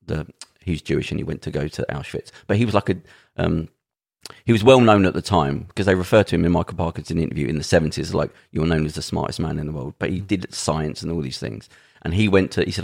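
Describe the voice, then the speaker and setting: A man's voice: low-pitched, quick pace, creaky, darkish tone. A man co-hosting a podcast, telling a story in a rambling, earnest way with frequent restarts. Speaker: podcast co-host. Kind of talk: casual podcast chat.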